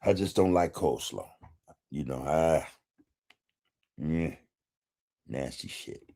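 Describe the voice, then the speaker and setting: A man's voice: rumbling low, slow, gravelly, mellow. A man hosting a casual livestream, reading chat comments in a laid-back way, swearing freely and chuckling often. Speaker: podcast host reading live chat.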